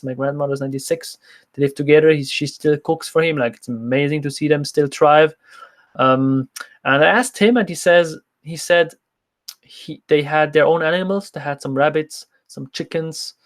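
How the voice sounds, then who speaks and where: A young man, a nutrition coach, talking casually and chattily with fillers. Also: on the high side. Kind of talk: casual talk to an audience.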